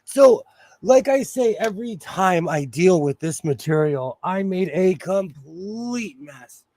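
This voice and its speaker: Middle-aged guy chatting on his sewing stream, bit hoarse, kinda high voice, dry close mic sound. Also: animated, slow, dark tone, no echo. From Pennsylvania. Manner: chatty, laughs often, greets viewers by name. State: slightly hoarse, feeling unwell. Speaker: livestream sewing host. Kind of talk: casual live-chat while sewing.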